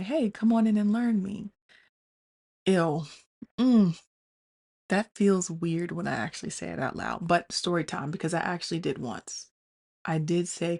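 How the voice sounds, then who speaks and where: A woman hosting a podcast, thinking out loud in a candid, confessional way and often restarting her sentences. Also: fairly low pitch, creaky, slightly rough. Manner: confessional, self-questioning, many restarts; addresses listeners as "y'all". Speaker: podcast host. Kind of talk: candid personal monologue.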